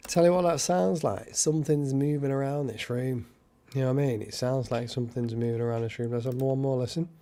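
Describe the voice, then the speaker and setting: Gravelly, chatty man hosting live. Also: mid-range voice, a little fast, noisy background. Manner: chatty, thanks viewers by name, excitable. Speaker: live stream host. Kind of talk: casual live stream chat.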